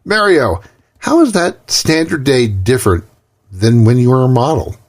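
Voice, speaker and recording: A male podcast host puts short, upbeat questions to his guest. His voice is expressive and rises and falls a lot. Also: medium pitch, normal speed. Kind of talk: interview questions.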